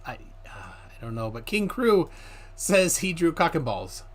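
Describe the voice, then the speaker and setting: A man's voice: a little high, big pitch swings, a little slow. A man hosting a live stream, chatting casually, laughing and reading viewer comments aloud. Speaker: livestream host.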